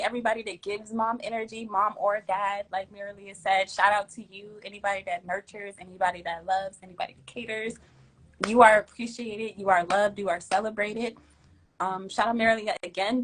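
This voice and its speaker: A young woman hosting a casual livestream, giving emphatic, slangy shout-outs and thanks to her viewers. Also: medium pitch, a little hiss or hum, low-quality recording. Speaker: livestream host.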